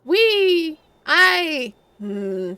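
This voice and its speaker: A woman's voice: high voice, very animated, extremely slow, bright, forceful tone, no echo, soft background music. A woman playing a tabletop game, giggling and swearing casually. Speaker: player.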